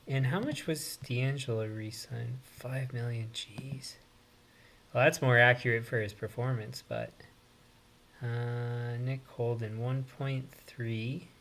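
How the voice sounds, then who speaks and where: A man hosting a live stream, thinking aloud in an unhurried way with pauses and fillers. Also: medium pitch, fairly even intonation, gravelly, a bit bright. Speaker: host. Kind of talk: casual live-stream commentary.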